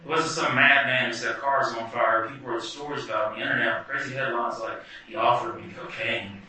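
A man's voice: medium pitch, steady tone, quick pace, a crowd in the background. A man telling a wry, vivid first-person comic story. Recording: very echoey room, distant mic, music behind.

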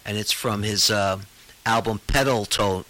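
A man's voice: fairly low pitch, a little slow, sharp tone, poor audio. A man hosting a casual radio chat, talking in a loose, rambling way with many fillers. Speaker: radio host.

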